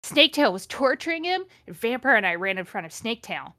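A woman's voice: fairly high pitch, animated, brisk, few pauses, bright, forceful tone, dry recording, studio quality. A woman podcast host reading a fanfic aloud with amused, sarcastic commentary. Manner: amused, sarcastic, laughs often.

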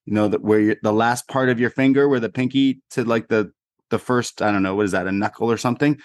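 A man co-hosting a casual podcast, telling an animated anecdote with lots of fillers. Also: fairly low pitch, fast talker, no room sound. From Canada. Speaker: podcast co-host. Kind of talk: casual chat, storytelling.

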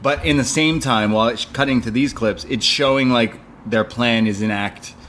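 A man's voice: medium pitch, normal speed, a bit bright, slight background noise. A man co-hosting a casual movie review podcast, talking loosely and acting out characters' lines. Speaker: podcast co-host.

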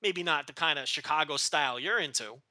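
A man's voice: a little high, a little fast, sharp tone, dry recording. A man from Texas co-hosting a wrestling podcast, joking and teasing in casual rambling chat. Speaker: podcast co-host.

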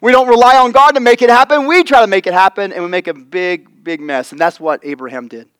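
High-voiced male pastor preaching earnestly. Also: fast talker, a bit bright, clear, resonant tone, no echo, low-quality recording. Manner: earnest preaching, acting out quoted voices, swells and drops in volume. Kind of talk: sermon. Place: church sanctuary.

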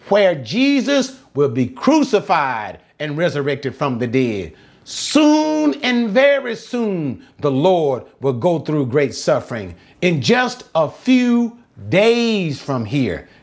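A man preaching a sermon, impassioned, repeating phrases and drawing out words for emphasis. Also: a little high.

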